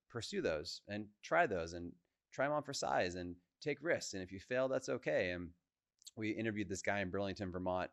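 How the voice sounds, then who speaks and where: A man's voice: low voice, clear, resonant tone, dry recording, clean studio sound. A man, a co-founder, telling his organization's story in a casual, chatty conference talk full of "like" and "you know". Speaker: co-founder giving a presentation.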